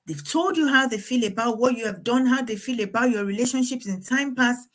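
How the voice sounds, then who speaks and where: A woman's voice: fairly high pitch, fairly quick. A middle-aged woman giving earnest, faith-based parenting advice, laughing now and then as she talks. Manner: earnest, advising, laughs often. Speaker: parenting speaker.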